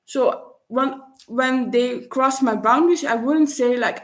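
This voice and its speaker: Halting woman, slightly high. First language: Dutch. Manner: halting, searching for words with frequent restarts. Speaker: vlogger. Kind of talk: personal reflective monologue.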